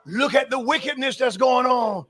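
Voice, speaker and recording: A male preacher giving a fervent church sermon, with stumbling restarts between shouted passages. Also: extremely high pitch, normal speed.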